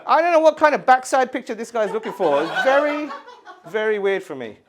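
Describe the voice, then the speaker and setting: A man's voice: very high-pitched, lively intonation, a little fast, a crowd in the background. A middle-aged man from England, performing a stand-up set in an exasperated, ranting manner with lots of swearing. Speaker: stand-up comedian. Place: art gallery stage, live audience.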